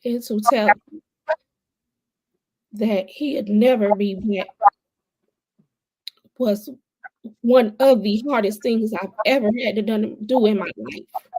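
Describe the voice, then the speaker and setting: A woman's voice: medium pitch, slow pace, pauses often, darkish tone, no room sound. A young adult woman speaking as a podcast guest, telling her personal story in a candid, conversational way and repeating phrases for emphasis.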